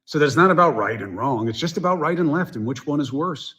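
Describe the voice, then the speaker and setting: A man's voice: a little high, animated, a little fast, sharp tone. A man giving online political commentary in a blunt, indignant way.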